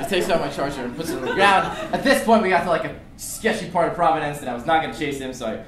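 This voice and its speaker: Animated young guy telling a story, kinda high voice, recorded far off in a room. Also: fast talker, few pauses, noisy background. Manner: animated, acts out the chase with shouted lines. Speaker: student speaker. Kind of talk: storytelling talk. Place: lecture room. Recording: echoey room, distant mic.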